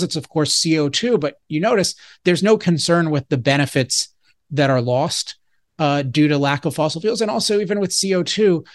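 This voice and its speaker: A man's voice: a little high, no echo, clean studio sound. A man being interviewed, arguing his points emphatically with frequent restarts. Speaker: interview guest. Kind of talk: argumentative interview talk.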